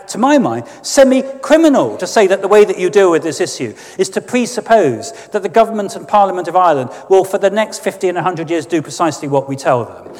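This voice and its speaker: Animated, high-pitched man speaking in a church. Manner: emphatic and sardonic. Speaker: guest speaker. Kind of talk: political speech to an audience. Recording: long church reverb.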